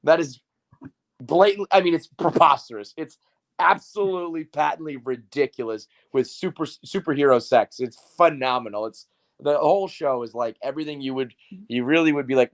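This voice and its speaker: A man hosting a sports podcast, talking fast and loose in casual banter with a lot of swearing. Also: on the high side. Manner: profane, excitable sports banter. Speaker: podcast host. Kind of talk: casual chat.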